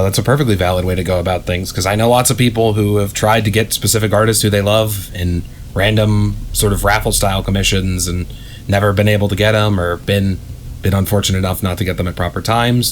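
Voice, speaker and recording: A man's voice: on the low side, a little hiss or hum. A man hosting a casual podcast, friendly and a bit wordy as he talks with his guest. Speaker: podcast host.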